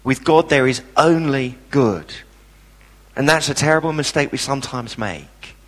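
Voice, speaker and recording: A man's voice: medium pitch, a little slow, fairly bright tone. A man preaching a sermon, impassioned and emphatic with blunt everyday turns of phrase. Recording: reverberant hall.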